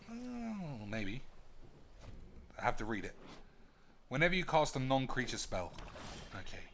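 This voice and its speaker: Bright-voiced man swearing through gameplay. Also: mid-range voice, huge pitch swings, measured pace, pauses often, a little hiss or hum. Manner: profane, joking, thinking aloud. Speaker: streamer. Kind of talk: casual gameplay commentary.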